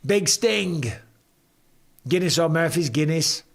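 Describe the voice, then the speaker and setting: A man with a slightly high voice hosts a casual live stream from home. He talks easily and reads out viewer comments with light banter. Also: expressive, slow pace, creaky.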